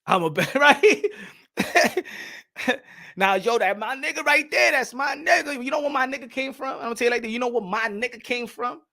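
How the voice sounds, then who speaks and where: High-voiced profane New York man. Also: fast, few pauses, bright, forceful tone. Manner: loose, swearing, laughing often. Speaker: boxing channel host. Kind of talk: casual profane monologue.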